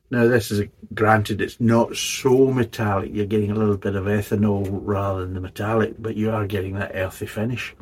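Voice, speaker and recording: A lowish, husky male voice talks through a beer review in a loose, rambling way. He is blunt, exasperated and swears freely as he picks the drink apart. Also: darkish tone. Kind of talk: casual spoken review.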